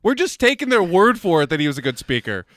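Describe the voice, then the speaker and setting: A man co-hosting a podcast in casual banter, loud and mocking, often yelling and laughing. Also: high-pitched, very animated, fast talker, no echo, studio quality. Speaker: podcast co-host.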